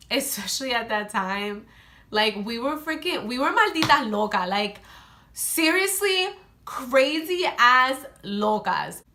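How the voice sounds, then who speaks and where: A young woman vlogger telling a true story in a casual, animated storytime monologue, filling her talk with "like" and acting out her friends' lines. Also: medium pitch, a little hiss or hum. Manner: animated, heavy use of "like", acts out friends' lines. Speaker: beauty vlogger.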